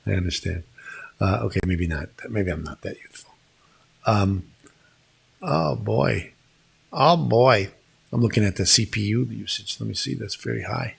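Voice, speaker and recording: A man hosting a casual talk show, speaking haltingly and searching for words, in a small studio room. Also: fairly low pitch, expressive, gravelly, breathy edge. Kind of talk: casual podcast chat.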